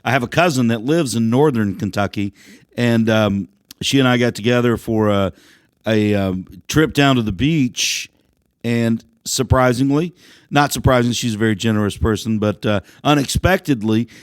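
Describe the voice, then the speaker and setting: A man's voice: mid-range voice, normal speed, clean tone, no room sound. A man hosting a podcast, asking friendly questions in a casual chat. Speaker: podcast host.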